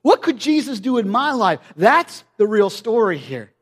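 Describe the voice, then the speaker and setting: Earnest preacher man, slightly high voice. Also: big pitch swings, moderate pace. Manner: earnest, emphatic, swings from loud to hushed. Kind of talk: sermon.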